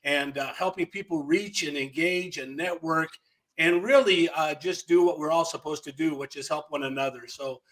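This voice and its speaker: A man introducing himself as a guest on a video-call livestream, earnest and halting. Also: on the high side, a bit bright, poor audio. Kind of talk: casual self-introduction.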